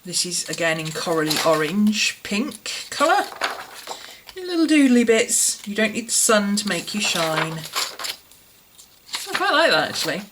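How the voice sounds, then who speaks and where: English woman, vlogger, chatty musing review tone, very lively pitch. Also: measured pace, background noise. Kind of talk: casual product review chat.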